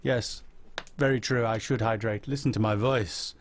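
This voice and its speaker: A man hosting a casual live-stream chat, rambling through viewers' comments with deadpan silly humor. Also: lowish voice, normal speed. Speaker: host.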